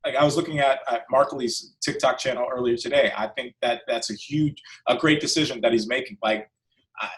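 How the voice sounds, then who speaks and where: A man's voice: mid-range voice, brisk, a bit bright, distant mic. A man hosting a casual business podcast, earnest and often restarting his words. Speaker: podcast host, business owner.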